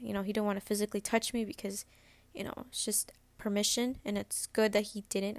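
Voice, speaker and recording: In a dry recording, a twenty-something podcast host with a mid-range, darkish-toned voice rambles through a candid personal story. She leans heavily on "like" and keeps restarting her sentences.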